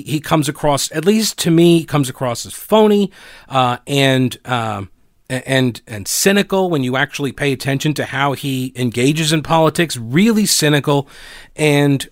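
A man delivering opinionated political commentary in a slightly high voice, sarcastic and mocking, often restarting his sentences. The sound is dry and close, with no room in it. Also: no echo.

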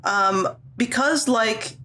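A man's voice: high voice, very slow, pushed and bright, a little hiss or hum. A man in casual chat, rambling through story options with many fillers and small laughs. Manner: rambling, lots of ums, laughs mid-sentence.

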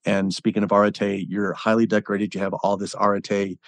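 A man hosting a podcast, talking enthusiastically and warmly affirming his guest. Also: fairly low pitch, flat delivery, brisk, dry recording. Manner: enthusiastic, affirming, swears casually. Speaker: podcast host. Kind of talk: casual conversation.

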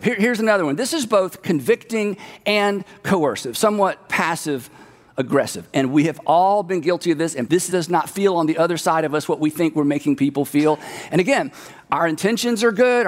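A man preaching a sermon in an animated way, often acting out the voices of the people he describes. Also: sits high. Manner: animated, acts out quoted voices. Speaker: pastor. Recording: long hall reverb.

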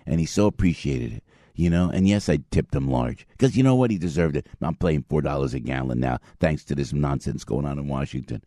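A man's voice: rumbling low, lively intonation, brisk, mellow, no echo, clean studio sound. A middle-aged man hosting a morning radio show, telling stories in a chatty way and laughing often. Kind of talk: casual morning radio chat.

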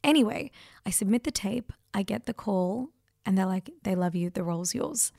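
A woman in her thirties, a podcast host from Australia, chatting casually and emotionally as she answers listener questions from her couch, full of fillers and quick asides. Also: mid-range voice, animated, creaky, warm tone, no room sound, studio quality. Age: 30s. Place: sitting on a couch at home.

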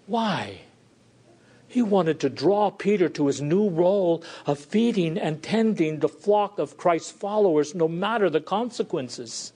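A man preaching a sermon with fervor, rising to pleading questions and dropping low and quiet to drive points home. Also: expressive, slow.

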